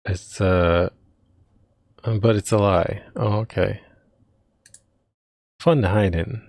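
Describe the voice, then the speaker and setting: A man's voice: fairly low pitch, fairly even intonation, slow, a little mellow, dry recording. A man giving wry, hesitant commentary as he plays a retro adventure game. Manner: dry, wry, hesitant with many ums. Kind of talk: casual let's play commentary.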